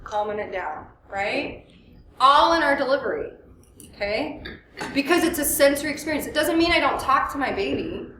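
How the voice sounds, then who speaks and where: A therapist giving a workshop lecture, lively and full of questions for the audience. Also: female voice, high voice, normal speed, a little hiss or hum. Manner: lively, asks the audience questions, acts out quotes. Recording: echoey room, mic at a distance.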